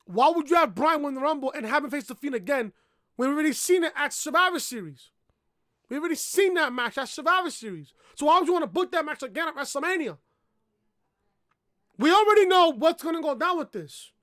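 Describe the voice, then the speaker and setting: This profane ranting review vlog has a woman tearing into a wrestling show, repeating points and barking "woof" in between, recorded on a laptop webcam mic. She speaks fairly quickly in a high, slightly bright voice with lively intonation. The audio is dry and studio-clean.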